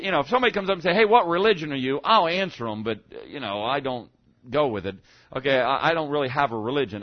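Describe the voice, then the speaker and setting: A man's voice: mid-range voice, no room sound, highs cut off. A male pastor preaching a sermon in a conversational way, often asking the congregation questions. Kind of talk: sermon on evangelism.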